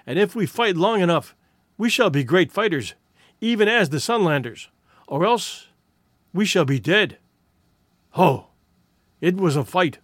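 A man reading the lines of a wounded, boastful village fighter in slow, solemn, formal speech. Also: high voice, expressive, a bit bright, no echo, studio quality, full character voice.

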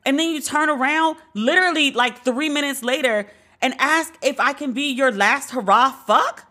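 A woman's voice: high-pitched, moderate pace. A divorced woman hosting a podcast, telling a candid dating story with lots of swearing and acted-out quotes. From Brooklyn. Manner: animated, profane, acts out quoted dialogue. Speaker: podcast host.

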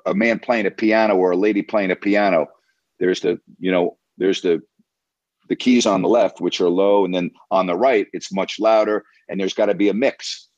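A man's voice: on the low side, a little mellow, no echo, muffled recording. A man hosting a sports radio show, coaching a caller in an emphatic, repetitive, lecturing way.

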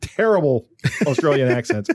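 Podcast cohost guy, super animated voice, jumps around a lot, kinda wry, dry close sound. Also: mid-range voice, moderate pace, dry recording. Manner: chatty, explains things with a wry tone. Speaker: podcast co-host. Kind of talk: casual podcast chat.

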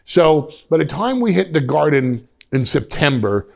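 A man in his fifties from Westchester, New York, telling stories as a podcast guest in an animated way, with many restarts. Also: fairly high pitch, measured pace, gravelly. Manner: animated, many restarts, slips into quoted voices. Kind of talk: reflective storytelling in a podcast interview.

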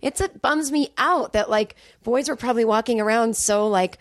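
A woman's voice: fairly high pitch, normal speed, no echo, clean studio sound. A woman comedian guesting on a podcast, talking casually and profanely, with many "like"s. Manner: chatty, profane, heavy on "like". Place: home podcast room.

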